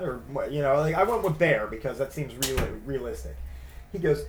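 A man in his thirties hosting a casual monologue, rambling with many halting restarts. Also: on the high side, lively intonation, a little hiss or hum.

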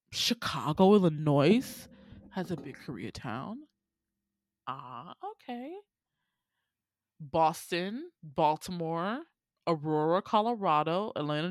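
Woman co-host, casual chat with big pitch swings and salty language, close and dry. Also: no room sound. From United States. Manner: animated, swears freely, laughs often. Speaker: podcast co-host.

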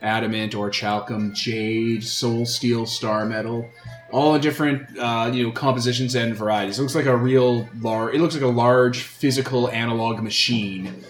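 A man's voice: mid-range voice, steady tone, normal speed. A man running a tabletop role-playing game as game master, describing scenes with many fillers. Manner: descriptive, filler-heavy narration. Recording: roomy sound with faint music.

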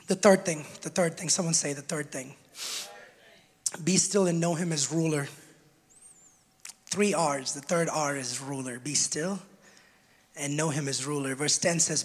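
A man preaching a sermon to a congregation, swinging between shouted exhortation and quiet teaching, and joking with the people in front of him. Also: a little high. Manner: jokes with the congregation. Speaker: pastor. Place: church hall with congregation. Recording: long church hall reverb.

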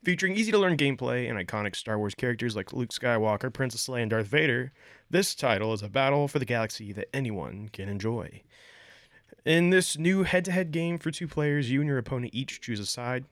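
A man's voice: medium pitch, dry recording, studio quality. A man hosting a casual podcast, talking in a loose, jokey way with plenty of fillers. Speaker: podcast host.

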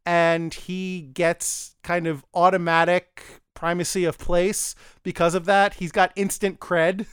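Man, podcast host, smooth clear voice, dry close mic, rambling, chuckling, casual review chat. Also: sits high, flat delivery, measured pace, few pauses, a bit bright, dry recording. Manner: rambling, chuckling, acts out characters' lines.

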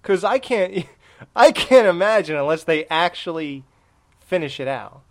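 A man's voice: on the high side, lively intonation, unhurried, a bit bright. A man co-hosting a horror podcast, chatting casually and rambling with lots of restarts and laughter. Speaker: podcast co-host. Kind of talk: casual chat.

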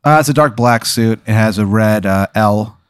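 A man hosting improv comedy, rambling through a made-up scenario with lots of fillers and deadpan delivery. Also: on the low side, normal speed, smooth, dry recording, clean studio sound.

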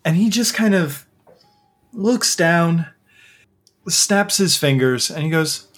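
Husky-voiced man running a tabletop game. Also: a little high, faint music behind. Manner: animated, halting narration with restarts. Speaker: game master.

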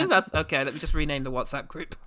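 A man hosting a podcast in casual chat, laughing often and trailing off quietly at the ends of lines. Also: on the high side, sing-song, fast talker, a crowd in the background. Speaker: podcast host.

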